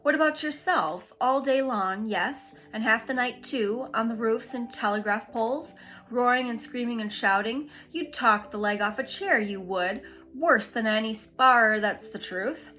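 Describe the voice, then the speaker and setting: A woman's voice: a little high, big pitch swings, unhurried, few pauses, sharp tone, heavily acted. Tart scolding nanny, read by a woman. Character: prim, sharp-tongued nanny, a woman.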